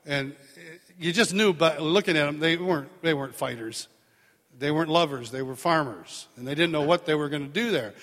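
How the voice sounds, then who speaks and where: Bright-voiced preacher man in a big hall. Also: on the high side, brisk. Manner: animated storytelling, acts out voices in dialogue. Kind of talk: sermon. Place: large church hall with live congregation. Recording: long hall reverb.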